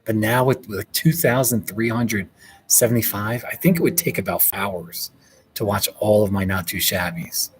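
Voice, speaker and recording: A man's voice: on the low side, moderate pace, rough recording. A man hosting a casual livestream from a hotel room, reading viewer comments, thanking people by name and laughing often. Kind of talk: casual live chat.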